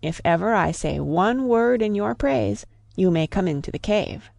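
A woman's voice: medium pitch, animated, normal speed, vocal fry, darkish tone, dry recording. A woman voicing a wise, proud woman of a cave in a storybook reading, firm and commanding.

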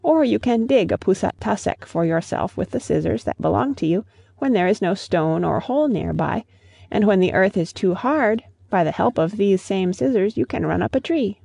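A storyteller voicing a small girl who offers gifts in a plain, matter-of-fact way, with a husky voice. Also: medium pitch, animated, moderate pace, dark tone, dry recording, studio quality. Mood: offering.

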